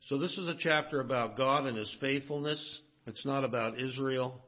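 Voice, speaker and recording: A man preaching a sermon as pastor, swinging between emphatic, raised lines and hushed, low asides. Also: normal speed, highs cut off.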